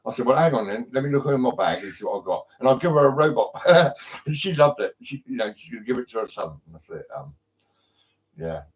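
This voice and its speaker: Streaming live from his home, an Englishman rambles with lots of ums, restarts, and heavy swearing. His mid-range voice swings widely in pitch at a fairly quick pace, and the phone microphone gives poor audio.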